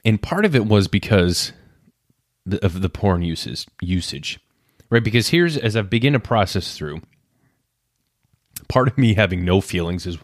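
A man's voice: sits low, lively intonation, a little slow, pauses often, dry recording, studio quality. A man in his thirties hosting a podcast, talking candidly and reflectively about his own past and acting out his inner voices. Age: 30s. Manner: candid, self-searching, acts out inner voices. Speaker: podcast host. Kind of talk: personal reflective monologue.

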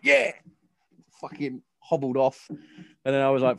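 A man's voice: mid-range voice, lively intonation, slow pace, pauses often, no room sound. Sweary man, dry close sound. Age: 30s. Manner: blunt, sweary, jokey storyteller. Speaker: podcast host. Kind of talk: casual chat. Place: home garden shed.

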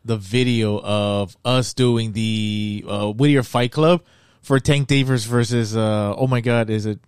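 A man co-hosting a podcast, laid-back and quick to agree in casual chat. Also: on the low side, fairly even intonation, clean tone, no echo, clean studio sound. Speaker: podcast co-host.

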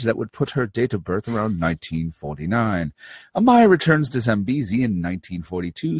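A man's voice: fairly low pitch, darkish tone, breathy edge, dry recording, clean studio sound. A man co-hosting a podcast in casual, joking chat, reading out a listener's message. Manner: jokey, laughing banter. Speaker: podcast co-host.

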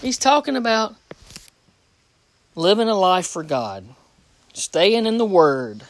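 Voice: mid-range voice, big pitch swings, slow. A preacher giving a plain-spoken, folksy sermon, reading scripture aloud and repeating phrases for emphasis.

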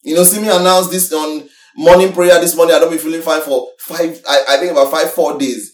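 A preacher giving an emphatic sermon who repeats points, swings between loud and soft, and keeps asking listeners to agree. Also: mid-range voice, steady tone, fairly quick. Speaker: preacher teaching a congregation. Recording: echoey hall, voice from far off the mic.

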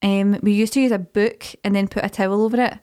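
A woman's voice: mid-range voice, fast talker, smooth. Chatty Scottish woman podcast co-host. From Scotland. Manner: chatty, animated storytelling. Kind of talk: casual chat.

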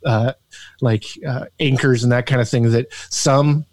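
A man's voice: medium pitch, steady tone, measured pace, a little mellow, no room sound. A man co-hosting a casual podcast chat, talking with energy, rambling and restarting often. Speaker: co-host.

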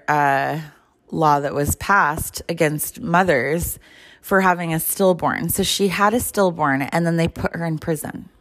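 Casual podcast co-host: woman in her thirties, low-ish voice, rambling and cursing. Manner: rambling, giggly, swears freely. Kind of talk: casual chat.

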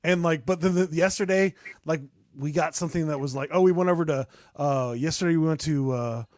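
A man's voice: on the high side, fairly quick, darkish tone, no echo. Young male host, casual and rambling, talks about his kid, dry sound. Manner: rambling, with many fillers and restarts. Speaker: podcast host. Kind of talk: casual chat.

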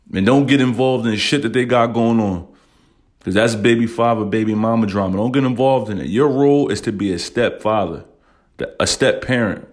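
A man hosting a casual podcast, talking bluntly and emotionally, swearing a lot and often saying "you know what I'm saying". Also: medium pitch. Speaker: podcast host.

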